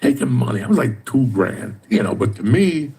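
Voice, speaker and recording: Swearing nonstop, this middle-aged man from New Jersey spins streetwise yarns in casual conversation, mimicking the voices of people in them. He speaks at normal speed in a sing-song, mid-range voice that's creaky, husky and dark.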